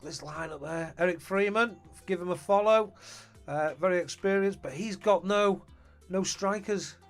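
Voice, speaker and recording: A man's voice: high voice, normal speed, faint music behind. Chatty man live-streaming. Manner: chatty, reads out viewer comments, thinks aloud. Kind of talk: casual live stream chat.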